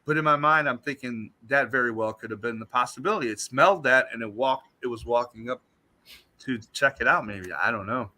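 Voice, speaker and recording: A man, a guest on a talk show, telling a story in an animated, emphatic way. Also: mid-range voice, fairly quick. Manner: animated, emphatic retelling that acts out what he said.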